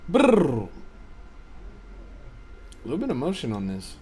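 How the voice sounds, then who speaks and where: This man, streaming as a crypto trader, talks at a moderate pace in a mid-range, darkish voice. There's a little hiss or hum as he reads his chat and responds with casual, offhand, frequently profane remarks.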